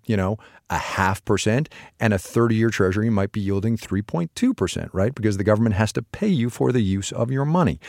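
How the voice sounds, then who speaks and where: A man's voice: lowish voice, darkish tone, dry recording, clean studio sound. A middle-aged man co-hosting a podcast, patiently explaining economics in casual chat and answering his own questions.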